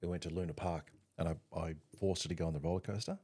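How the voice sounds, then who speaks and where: A middle-aged man chatting on a podcast, thoughtful and questioning himself as he talks. His voice is very low. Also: steady tone, quick pace, mellow, slightly rough. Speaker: podcast co-host. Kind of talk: casual chat.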